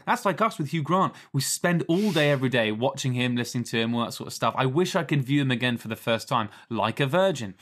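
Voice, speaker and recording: A man co-hosting a casual film chat, animated and rambling, laughing often. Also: mid-range voice. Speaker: podcast co-host.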